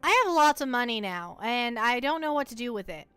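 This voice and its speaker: A woman's voice: fairly high pitch, lively intonation, brisk, sharp tone, smooth, dry recording, soft background music. A woman from the United States chatting playfully and teasingly while livestreaming a game, often repeating words as she goes. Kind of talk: casual gameplay livestream chat.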